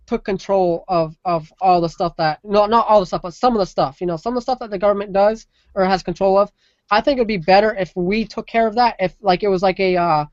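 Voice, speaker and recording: A woman's voice: mid-range voice, no echo, muffled recording. A woman hosting a casual call-in talk show, talking emphatically and rambling with many restarts. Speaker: podcast host. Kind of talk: casual opinion chat.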